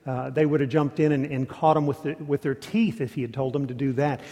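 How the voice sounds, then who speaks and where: A man preaching a sermon, telling stories in an animated way and often repeating words. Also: medium pitch, brisk, in a large hall. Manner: animated storytelling with repetitions.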